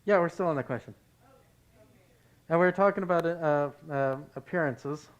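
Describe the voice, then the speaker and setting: A pastor leading a Bible study, talking in a conversational way and telling anecdotes. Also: male voice, on the high side, moderate pace, dull audio.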